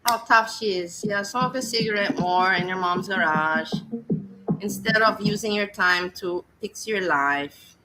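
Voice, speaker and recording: Scornful woman commentator, bright voice. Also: medium pitch, measured pace, slight background noise, rough recording. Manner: scornful, blunt. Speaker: commentary host. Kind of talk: reaction commentary.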